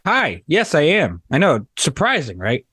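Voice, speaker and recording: Lively, self-deprecating podcast co-host man. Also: a little high, unhurried, slightly rough. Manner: laid-back, self-deprecating. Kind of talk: casual podcast chat.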